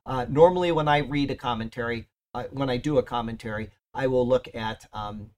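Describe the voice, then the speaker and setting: A man's voice: mid-range voice, fairly quick. A man teaching a Bible study, reading commentary aloud and often checking in with his listeners.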